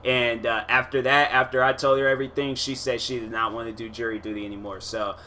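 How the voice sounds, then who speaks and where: A man hosting a podcast, telling a story in a casual monologue, animated and exasperated, acting out his own reactions. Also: mid-range voice, fast talker, slight background noise. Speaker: podcast host.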